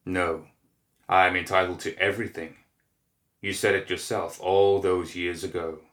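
A man doing a slow crooning demon. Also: deep voice, level tone, a bit bright. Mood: menacing. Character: monstrous demon voice, slow, domineering, hungry. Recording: echoey room.

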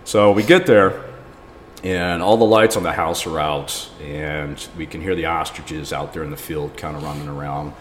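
Deep voiced guy rambling through a story, laughs a lot, bit of background noise. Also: moderate pace. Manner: laughs often, animated, rambling. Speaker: podcast guest. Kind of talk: casual storytelling. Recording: reverberant room with faint noise.

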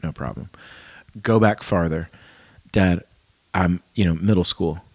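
A man in his forties, a pastor, chatting casually and acting out remembered conversations in a soft voice. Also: low voice, measured pace, no echo. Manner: storytelling, acts out dialogue softly. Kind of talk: casual podcast chat.

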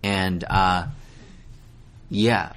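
A young man from Minnesota, an actor guest in a casual interview, talking in an animated, self-deprecating way with many restarts. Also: low voice, extremely slow, a little hiss or hum.

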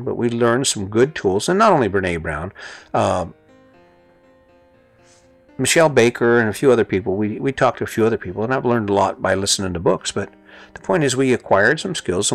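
Gravelly middle-aged man giving earnest advice. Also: fairly low pitch, expressive, a little fast, faint music behind. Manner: earnest and conversational, repeats phrases for emphasis. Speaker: host. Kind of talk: motivational talk.

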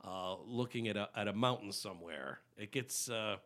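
A man hosting a comedy chat show, animated and jokey. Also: lowish voice, normal speed. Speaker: podcast host.

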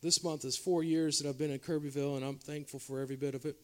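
A man preaching a revival sermon as a pastor, swinging between loud exhortation and quiet, confessional asides to the congregation. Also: fairly even intonation, quick pace. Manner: preaching with shifting loudness, from shouting highs to quiet confessional lows. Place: church revival service.

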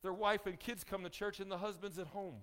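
Male pastor, slightly high voice, folksy sermon delivery with jokes to the pews, leans on key lines. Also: steady tone, a bit bright. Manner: folksy, joking asides to the congregation; emphatic, slows down on key phrases.

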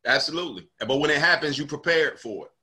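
Casting note: male comedian, bright, fairly high voice, lively storyteller who plays out every quote. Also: fast talker. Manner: animated storyteller acting out quotes. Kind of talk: casual storytelling chat.

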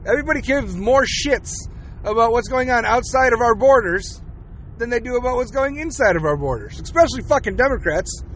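A podcast host delivering a fired-up, profane and sarcastic political rant. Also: male voice, very high-pitched, expressive, fairly quick, fairly bright tone, a little hiss or hum.

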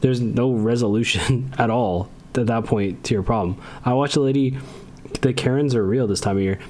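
A man's voice: mid-range voice, normal speed, darkish tone. A man co-hosting a podcast, chatting casually, laughing as he talks and restarting his words. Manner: laid-back, laughs while talking, restarts words. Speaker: podcast co-host. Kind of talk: casual chat.

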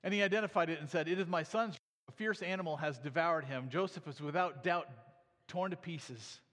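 A man's voice: a little high, brisk, a bit bright. Preacher man in a reverberant hall. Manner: reads scripture then explains it conversationally, with restarts and "right?". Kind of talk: sermon with scripture reading.

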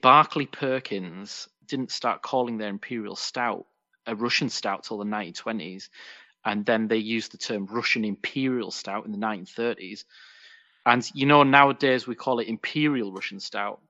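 A man's voice: on the low side, normal speed, pushed and bright, no room sound. A man co-hosting a podcast, chatting casually about beer with playful asides. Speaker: podcast co-host. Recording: dull lo-fi, dry sound.

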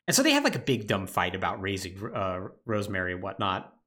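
A man co-hosting a casual podcast, retelling a game's plot in an animated way with lots of "like" fillers. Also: deep voice, fast talker. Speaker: podcast co-host.

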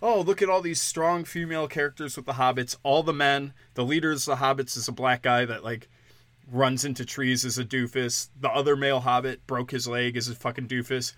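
A man's voice: mid-range voice, steady tone, a little fast, a bit bright, no room sound. A man ranting on a podcast in a crude, sardonic, profane way, mocking as he goes. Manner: mocking, slips into sarcastic quoted voices. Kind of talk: casual podcast rant.

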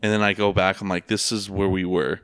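A man's voice: sits low, little pitch movement, fairly quick, fairly bright tone, smooth, no room sound, studio quality. A young man telling a rambling story in casual chat, full of fillers and swearing. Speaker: rideshare driver.

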